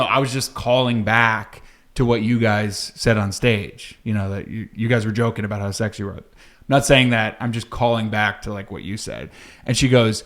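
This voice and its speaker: A man's voice: on the low side, brisk. A man in his thirties telling a personal story in a casual monologue, acting out the lines he quotes.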